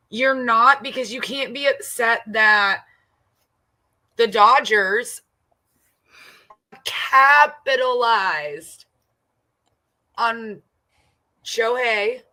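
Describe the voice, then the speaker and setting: A woman's voice: on the high side, bright, forceful tone, rough recording. A woman co-hosting a sports podcast in casual chat, arguing her point earnestly with frequent restarts. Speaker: podcast co-host.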